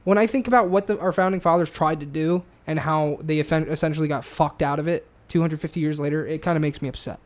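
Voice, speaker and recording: A man's voice: fairly high pitch, fairly even intonation, fast, hardly any pauses. A man in casual chat, ranting heatedly with lots of swearing and stumbling restarts. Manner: heated, profane, repetitive restarts.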